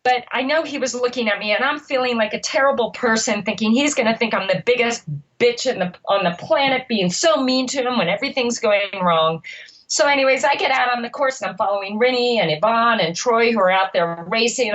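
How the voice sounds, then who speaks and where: A middle-aged woman, a triathlon coach co-hosting a podcast, telling a story in an animated, emphatic way. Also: a little high, brisk, lo-fi sound.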